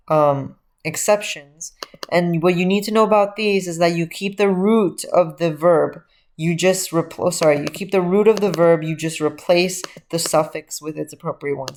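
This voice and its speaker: A woman with a somewhat low voice leads a relaxed spoken grammar lesson. She explains each rule step by step and slows down deliberately over example phrases so learners can follow. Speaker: language teacher.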